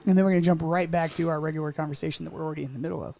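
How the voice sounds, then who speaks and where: A man's voice: fairly high pitch, steady tone, vocal fry, darkish tone. A man co-hosting a podcast in casual, rambling chat, joking and breaking into silly voices. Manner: rambling, jokey, quick to put on silly voices. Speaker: podcast co-host.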